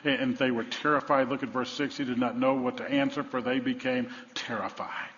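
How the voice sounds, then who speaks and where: Male pastor, preaching, storytelling, loud then hushed, long church reverb, dull sound. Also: mid-range voice, steady tone, fairly quick. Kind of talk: sermon. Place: large church sanctuary.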